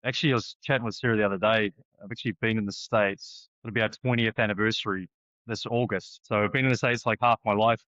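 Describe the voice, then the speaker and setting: As a guest on a podcast, an easygoing, chatty New Zealand rugby coach in his forties talks casually through the interview, restarting sentences a lot. His lowish, slightly bright voice moves quickly with fairly even intonation, on a dull lo-fi recording with dry sound.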